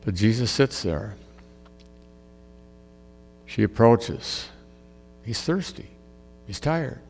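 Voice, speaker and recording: Slow, gravelly male preacher. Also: on the low side, sing-song, a little mellow, big-room sound, slight background noise. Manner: reflective storytelling, musing aloud. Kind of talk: conversational sermon.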